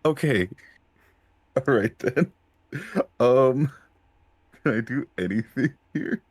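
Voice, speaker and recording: A man's voice: medium pitch, animated, slow, slightly rough. Rambling, giggly man playing a tabletop game. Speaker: player.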